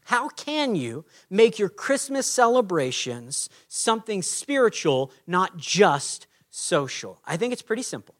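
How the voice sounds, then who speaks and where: A man gives a sermon in a conversational preaching style, acting out little scenes as he talks. His voice sits high for a man and swoops up and down with energy. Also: a little slow, hardly any pauses. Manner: animated, conversational preaching with acted-out quotes. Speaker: pastor.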